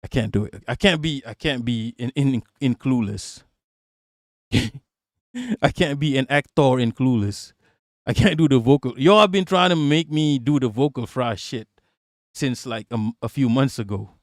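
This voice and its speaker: A man on a live stream ranting loudly and mockingly with heavy profanity. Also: mid-range voice, normal speed, dry recording, studio quality. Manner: loud, mocking, profane, laughs often. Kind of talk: profane political rant on stream.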